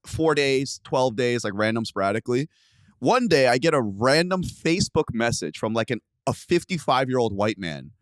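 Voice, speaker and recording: A young man hosting a podcast, casually telling a story with lots of profanity and sudden loud outbursts. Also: medium pitch, lively intonation, moderate pace, dry recording, clean studio sound. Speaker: podcast host.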